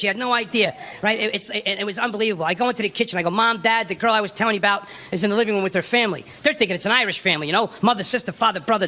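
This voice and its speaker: A man's voice: sits high, noisy background. A middle-aged man doing a brash, conversational stand-up routine on stage, often asking the audience "right?". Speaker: stand-up comedian. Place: comedy stage before a live audience. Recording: live stage mic with crowd.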